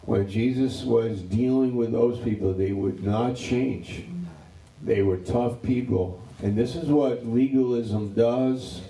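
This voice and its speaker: Slow, gravelly preacher in a roomy hall. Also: male voice, mid-range voice. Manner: animated storytelling, acting out characters in dialogue. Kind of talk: conversational Bible teaching. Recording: roomy, from a distance.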